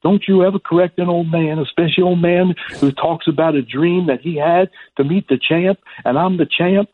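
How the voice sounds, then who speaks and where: A man putting on the voice of a boastful male boxing champion, booming and bragging, heard over a tinny phone line. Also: normal speed, husky. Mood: solemn. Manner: booming, bragging, repeating his catchphrases.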